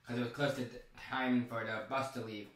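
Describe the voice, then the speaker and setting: A man casually recapping a TV episode, rambling and excitable, stumbling over repeated words and restarts. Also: medium pitch, a little fast. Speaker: show recap vlogger. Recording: very echoey room, mic far off.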